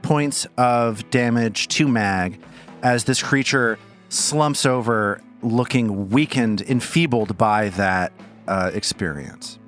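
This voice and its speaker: A man's voice: mid-range voice, takes it slowly, fairly bright tone, faint music behind. A man running a tabletop game as game master, narrating the action dramatically.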